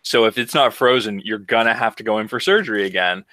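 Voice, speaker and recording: A man's voice: on the low side, fast talker, bright, forceful tone, no echo. A man co-hosting a podcast, telling an exasperated, profane story in casual chat. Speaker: podcast co-host.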